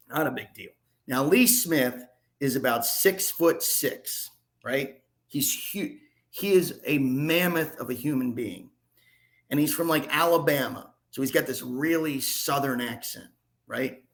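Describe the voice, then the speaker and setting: A man in his forties, a podcast guest and sports reporter, telling animated, self-deprecating stories in a rambling way. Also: medium pitch, normal speed. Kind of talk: casual storytelling.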